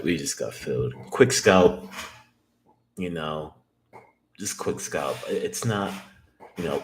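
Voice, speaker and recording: A man streaming his day trading, talking to himself, swearing and second-guessing every move. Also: low-pitched. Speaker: day trader streaming live. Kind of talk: live trading stream, thinking aloud. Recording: roomy echo, faint background noise.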